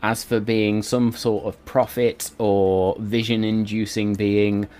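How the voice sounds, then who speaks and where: A man narrating as game master in a tabletop game, with slow, dreamy descriptions and casual swearing. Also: on the low side, level tone, darkish tone, clear, resonant tone.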